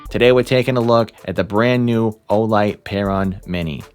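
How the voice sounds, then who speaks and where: A man's voice: on the low side, moderate pace, clean tone, soft background music. A man with a Boston accent reading a product review script for comedy, full of profane, sarcastic asides.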